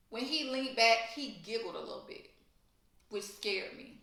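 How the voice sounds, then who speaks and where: A young woman from Louisiana with a Louisiana accent, telling a profane, animated storytime vlog. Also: fairly high pitch, a little slow, gravelly, heavy reverb. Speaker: storytime vlogger.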